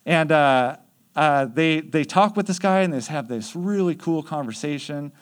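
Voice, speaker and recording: A man's voice: on the high side, lively intonation, moderate pace. Chatty man telling faith stories. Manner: conversational, chatty with many fillers. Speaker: youth mission trip leader. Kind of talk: casual storytelling.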